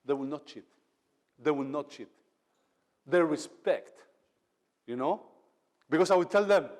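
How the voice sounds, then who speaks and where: A man's voice: a little high, lively intonation, unhurried, long pauses, a little mellow. Man speaking in a reverberant hall. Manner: emphatic, acts out quoted lines. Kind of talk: motivational talk on leadership. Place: event hall.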